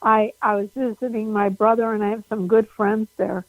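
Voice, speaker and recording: A woman comedian guesting on an interview over the phone, talking animatedly with frequent laughs and big pitch jumps. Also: little pitch movement, moderate pace, no room sound, poor audio.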